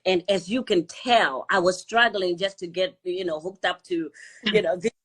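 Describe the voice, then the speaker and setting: A Zimbabwean woman in her fifties speaks with a husky, slightly low voice. She tells her life story as a guest on a video call. Her delivery is lively and full of "you know" asides. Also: moderate pace. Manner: animated storyteller, many "you know" fillers. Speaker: guest, psychotherapist. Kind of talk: casual storytelling interview.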